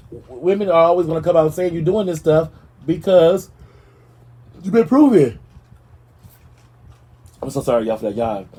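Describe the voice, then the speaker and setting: A man hosting a gossip show, talking in a sassy, animated way and speaking straight to the celebrities he discusses. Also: fairly high pitch, low-quality recording. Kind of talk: casual celebrity gossip commentary.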